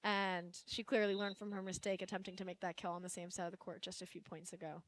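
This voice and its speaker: A woman's voice: on the low side, level tone, quick pace, a little hiss or hum. A young woman giving color commentary on a live game, chatty and wry in her analysis.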